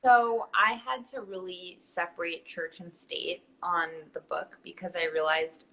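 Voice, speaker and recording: A woman's voice: fairly low pitch, steady tone, a little slow, bright, forceful tone, poor audio. A young woman author talking over a video call from her home studio, earnest and reflective, a little self-deprecating. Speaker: author guest. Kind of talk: casual interview chat.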